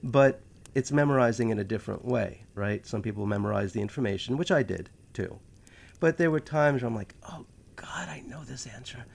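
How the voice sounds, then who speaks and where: A man's voice: on the low side, fairly quick, vocal fry. A man with a New York accent, hosting his history channel in a chatty, joking monologue full of self-aware asides. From New York City. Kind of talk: casual rambling monologue.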